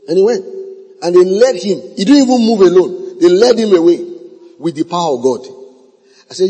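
A man preaching a sermon at a meeting, emphatic, repeating key phrases and drawing words out slowly. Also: high-pitched, expressive, mellow, breathy edge. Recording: long reverb of a large hall.

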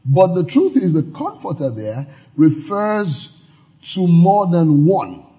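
A man preaching a sermon, explaining scripture verse by verse and slowly repeating key phrases for emphasis. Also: high voice, very animated, dark tone. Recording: dull lo-fi sound.

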